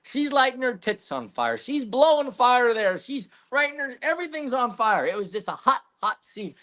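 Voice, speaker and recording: A man's voice: very high-pitched, sing-song, moderate pace, a bit bright. A man, a podcast guest telling a rambling, profane story in casual chat. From Canada.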